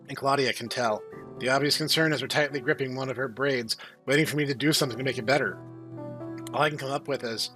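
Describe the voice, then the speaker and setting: A man hosting a game channel, reading a visual novel aloud in a measured manner, dropping to a low murmur for narration. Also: over music. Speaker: host.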